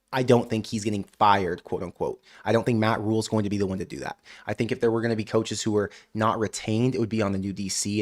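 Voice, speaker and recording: Ranting football stream host, man. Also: lowish voice. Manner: ranting, animated outbursts; frequent "I don't know" hedging. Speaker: college football show host. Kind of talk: live-stream chat answering viewer comments.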